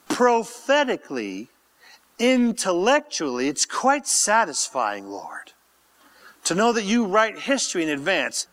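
A man preaching a sermon as pastor, then praying with passion and sinking into hushed whispers. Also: sits high, big pitch swings, unhurried. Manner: impassioned, dropping to hushed whispers in prayer. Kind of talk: sermon and closing prayer.

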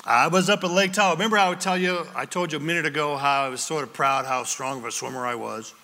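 A man's voice: fairly high pitch, fast talker, sharp tone, big-room sound. A man preaching a sermon as pastor, in a conversational way with wry humor.

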